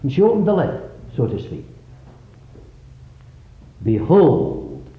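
A man preaching a sermon, emphatically questioning the congregation, with sudden swings in loudness. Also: medium pitch, wildly swooping pitch, takes it slowly, creaky. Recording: echoey, dull lo-fi recording.

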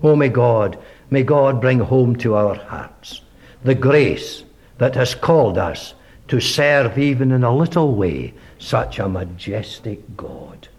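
Male preacher, higher-pitched and very lively delivery, emphatic sermon style with hushed asides. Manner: emphatic, rhetorical questions, swings from loud to hushed.

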